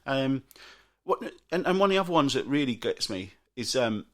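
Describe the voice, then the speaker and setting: A man's voice: very animated, moderate pace, a bit bright. Grumbling British man ranting. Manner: exasperated, grumbling, with frequent restarts and big pitch swings. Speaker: podcast host. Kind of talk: solo ranting monologue.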